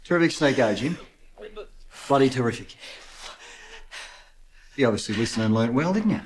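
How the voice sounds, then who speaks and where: A man's voice: mid-range voice, lively intonation, moderate pace, lightly acted. An actor with an Australian accent playing a cocky, menacing male prison criminal in a film, talking in a mocking, sarcastic way. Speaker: film character.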